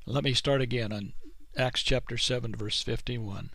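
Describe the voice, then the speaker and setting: A man reading scripture aloud in a measured way, then praying, leading a daily reading. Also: mid-range voice, steady tone, pushed and bright, dry recording. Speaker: Bible reading host.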